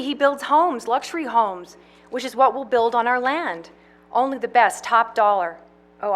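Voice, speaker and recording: A woman's voice: medium pitch, close to an everyday voice. A woman reading the part of a scheming, domineering woman in a play, bossy and insistent. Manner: bossy, insistent, rising to shouts.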